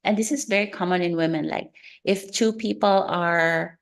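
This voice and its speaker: A woman educator giving an online talk about children's emotions, lively, acting out children's and parents' lines. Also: lowish voice, moderate pace, vocal fry. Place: online meeting room. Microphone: video call.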